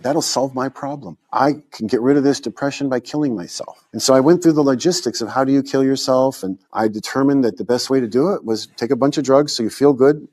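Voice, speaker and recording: A man's voice: mid-range voice, a little mellow. A man, a guest in an interview, telling a personal testimony earnestly, often repeating words as he goes. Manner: earnest storytelling with stammered repeats and quoted inner thoughts.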